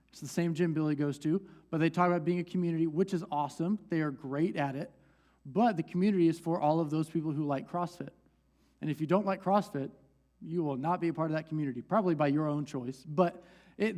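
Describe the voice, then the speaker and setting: A man's voice: a little high, warm tone. A young man pastor teaching a church group from the stage in a conversational way, with restarts and light laughs.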